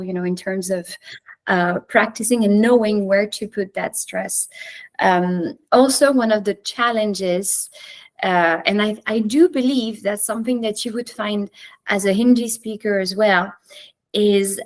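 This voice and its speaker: A woman in her forties whose first language is French, teaching English to learners in a chatty, friendly way with small laughs and restarts. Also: medium pitch. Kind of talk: talking to a class of learners.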